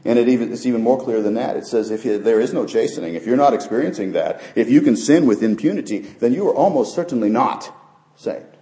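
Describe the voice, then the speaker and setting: Middle-aged male pastor, sermon with testimony, quiet asides to loud peaks, echoey church room. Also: quick pace. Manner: swings from soft, low asides to loud, high preaching peaks. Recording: roomy church sound.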